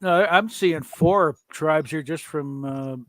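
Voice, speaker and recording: A man's voice: fairly high pitch, slow, a bit bright, no echo. A man hosting a casual chat, rambling and laughing often with many fillers. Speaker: host.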